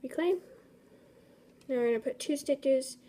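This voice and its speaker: A woman's voice: high-pitched, measured pace, warm tone. A young woman hosting a casual craft tutorial, chatty and apologetic, talking to her materials as she works. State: a bit out of breath. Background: faint storm noise.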